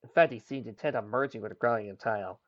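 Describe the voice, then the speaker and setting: Reading a pony fan story aloud at a quick pace, a man with a lowish voice gives each character's lines their own turn. He's a fanfiction reader doing storybook narration, and the audio sounds dull.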